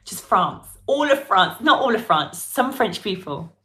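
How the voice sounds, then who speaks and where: A woman with a British English accent teaching a pronunciation class, coaxing her students and drilling sounds with careful repetition. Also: medium pitch. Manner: lively, coaxing, drills sounds slowly and repeats them. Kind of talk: live online pronunciation lesson.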